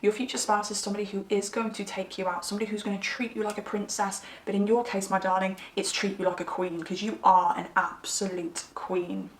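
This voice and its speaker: A young woman giving a casual tarot reading to camera, rambling and animated as she tells stories. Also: mid-range voice, a little fast, hardly any pauses, slight background noise. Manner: chatty, rambling, animated storytelling. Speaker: tarot reader. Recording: roomy, slightly distant mic.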